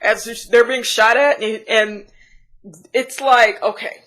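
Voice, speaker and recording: A woman's voice: a little high, steady tone, slow, fairly bright tone. A woman reviewer giving a casual, rambling scene-by-scene recap, chatty with frequent restarts and giggles. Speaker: show reviewer.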